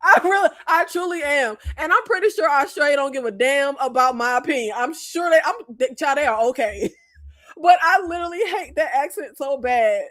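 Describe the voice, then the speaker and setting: Chatty high-voiced woman. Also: brisk, fairly bright tone. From American South. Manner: chatty, laughs often, apologetic asides. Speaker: movie livestream host. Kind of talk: casual livestream chat.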